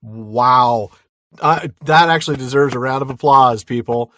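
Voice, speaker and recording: A man co-hosting a podcast in casual chat, effusive and quick to laugh. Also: mid-range voice, pushed and bright, no echo, studio quality. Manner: enthusiastic, effusive praise, laughs easily. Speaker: podcast co-host.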